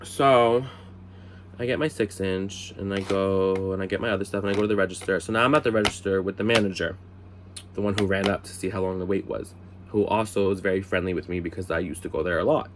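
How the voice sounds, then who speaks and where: A man telling a casual storytime vlog from his bed, animated, jumping high for quoted lines and exclamations, then dropping into quiet asides, a little tipsy. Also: fast talker, slight background noise. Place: bedroom, sitting on the bed.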